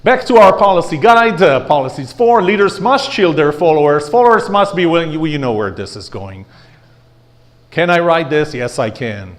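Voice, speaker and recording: A man giving a blunt, animated leadership lecture to a live audience, asking rhetorical questions and having the audience repeat phrases after him. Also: fairly high pitch, moderate pace.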